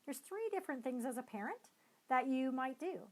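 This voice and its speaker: A woman's voice: sits high, expressive, brisk, a little mellow, rough recording. Conversational woman coaching on a live stream. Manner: conversational, explanatory, frequent hedging fillers. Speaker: neuropsychologist and team-building coach. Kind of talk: live-streamed motivational talk.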